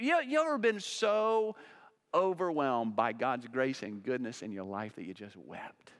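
A man preaching a sermon as pastor, swinging between loud emphatic peaks and hushed low passages, often repeating words for emphasis. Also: sing-song, measured pace.

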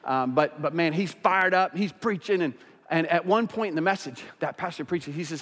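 A man preaching a sermon as pastor, swinging from quiet, intimate stretches to loud, fired-up passages. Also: a little high, normal speed, in a large hall.

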